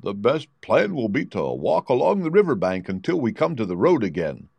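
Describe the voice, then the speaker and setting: A man voicing a soft-hearted, timid male lion in a storybook reading, in a fuller, gentle voice. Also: medium pitch, big pitch swings, moderate pace, gravelly, breathy edge, dry recording, heavily acted.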